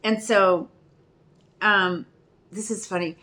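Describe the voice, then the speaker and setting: A woman's voice: mid-range voice, fairly even intonation, takes it slowly, bright, forceful tone, a little hiss or hum. A woman in her fifties talking candidly in a personal vlog, rambling and questioning herself as she searches for words. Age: 50s. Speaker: video diarist in addiction recovery.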